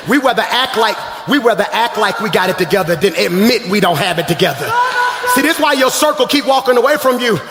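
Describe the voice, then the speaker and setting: A man preaching a sermon as pastor, shouting and half-singing his lines, calling out to the congregation from the stage. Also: sits high, expressive, fast. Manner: shouting, sing-song preaching with crowd call-outs. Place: large church hall. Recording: echoey live church hall.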